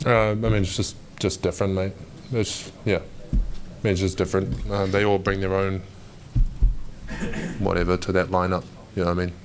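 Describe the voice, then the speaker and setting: A man's voice: low voice, flat delivery, normal speed, background noise. A young New Zealand man answering reporters' questions in a casual, rambling way, dropping "mate" into nearly every sentence. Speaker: pro basketball player. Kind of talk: media day press interview.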